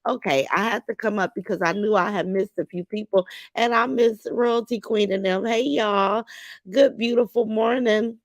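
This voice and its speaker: A middle-aged woman hosting a casual livestream, greeting viewers by name in a warm, chatty way. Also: mid-range voice, moderate pace, dry recording. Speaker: livestream host.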